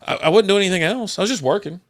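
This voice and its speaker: A man's voice: sits high, rapid-fire, dry recording, studio quality. A man in his thirties hosting a casual podcast, telling rambling, profane stories. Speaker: podcast host. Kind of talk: casual chat over beers.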